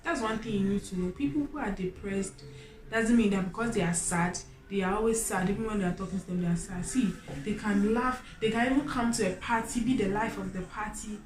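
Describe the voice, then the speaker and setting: Expressive woman in an echoey room. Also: brisk. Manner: expressive, swinging from loud exclamations to quiet, low confiding. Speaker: vlogger. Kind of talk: personal storytelling.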